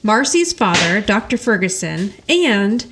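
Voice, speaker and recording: A woman's voice: mid-range voice, sing-song, a little slow, background noise. Chatty woman podcast host recapping. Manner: chatty storytelling, laughs often, acts out quoted lines. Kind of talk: casual chat.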